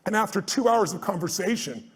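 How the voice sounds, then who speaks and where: A man with a high, quick voice works a live crowd, pushing his points home bluntly and acting out his anecdotes. His voice rings out with long reverb in a large hall. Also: lively intonation, breathy edge. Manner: emphatic and blunt, swears for force, acts out anecdotes. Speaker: speaker and guest on a live stage tour. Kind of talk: motivational storytelling to a live audience.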